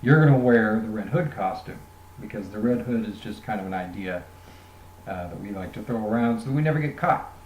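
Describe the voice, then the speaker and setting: A man voicing a shady crook in his own voice, quick and persuasive. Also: on the low side, expressive, highs cut off, slight background noise, natural voice. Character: shady male crook making an offer. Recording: roomy echoey room.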